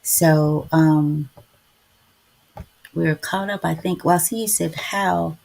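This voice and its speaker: A woman's voice: low voice, steady tone, slow pace, gravelly, darkish tone. A middle-aged woman, hosting a casual devotional live-stream chat and preaching to listeners. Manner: chatty, preachy, keeps addressing listeners as y'all. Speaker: podcast host.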